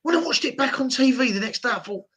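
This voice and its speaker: A man's voice: very high-pitched, animated, quick pace, fairly bright tone, husky. A man ranting animatedly and indignantly about football on a casual podcast. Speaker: podcast guest.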